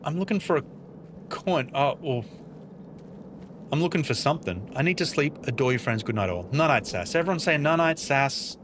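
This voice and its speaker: A man with a mid-range voice and big swings in pitch talks at a normal speed, leaving long pauses, over a noisy background. He's casually streaming a game, chatting with viewers, reading and answering their messages, and playfully muttering to himself as he plays.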